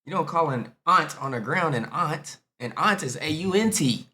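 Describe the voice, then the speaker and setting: An American man hosts reaction videos, offering loose, slangy, incredulous commentary on what he watches. His voice is a little high, bright and forceful, with lively intonation at normal speed.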